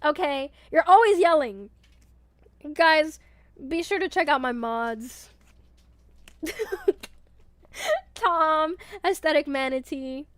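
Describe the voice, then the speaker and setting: A young woman chatting casually on a live stream as a VTuber, reading her chat aloud, giggling often and getting loud when excited, with casual swearing. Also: high voice, slow pace, long pauses, no room sound. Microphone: headset mic with headphones.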